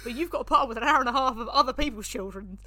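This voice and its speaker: A woman's voice: on the high side, racing, bright, forceful tone. A woman co-hosting a casual chat, rambling and laughing often. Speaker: podcast co-host.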